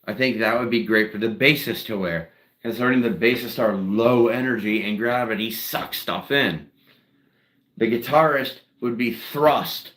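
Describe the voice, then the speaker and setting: A man's voice: medium pitch, normal speed, fairly bright tone. A man chatting casually on a solo live stream, rambling and heavy on fillers. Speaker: streamer and singer-songwriter.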